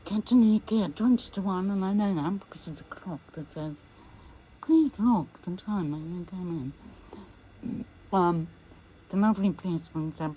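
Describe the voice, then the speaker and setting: A woman's voice: fairly low pitch, dark tone, a little hiss or hum, rough recording. A woman recounting a personal ordeal as an interviewee, acting out what others said to her. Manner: slow recounting that acts out quoted speech. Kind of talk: personal storytelling.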